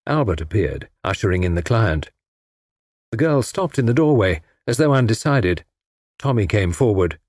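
Casting note: male narrator, husky, very lively inflection, dry studio sound. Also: on the low side, dry recording. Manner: measured, expressive reading. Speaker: audiobook narrator. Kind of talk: scripted narration.

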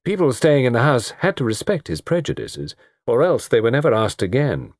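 A man narrating a story in an expressive reading. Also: medium pitch, brisk, no room sound, studio quality. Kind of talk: audiobook narration.

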